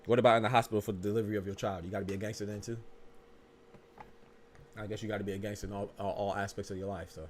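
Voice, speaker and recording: A man hosting a casual live-stream podcast, talking fast and arguing hard in loose slang, repeating himself for emphasis. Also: lowish voice, a little hiss or hum. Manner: animated, argumentative, repetitive, slangy. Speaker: podcast host.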